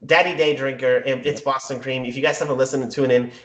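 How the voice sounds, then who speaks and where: A man's voice: mid-range voice, steady tone, quick pace, fairly bright tone. A man hosting a casual podcast, joking and rambling with plenty of fillers. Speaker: podcast host.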